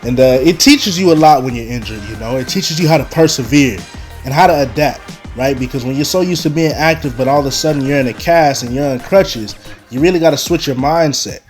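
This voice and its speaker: A man's voice: medium pitch, fairly quick, soft background music. A young man telling a personal story on his channel and talking straight to his viewers. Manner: animated storyteller, talks straight to the audience. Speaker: vlogger. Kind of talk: casual storytime.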